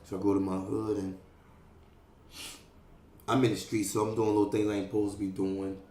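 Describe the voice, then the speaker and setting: A man's voice: lowish voice, brisk, reverberant. A young man telling a street story in a casual, profane, streetwise way, full of fillers and sound effects. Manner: streetwise, profane, animated, fillers like "you know what I mean".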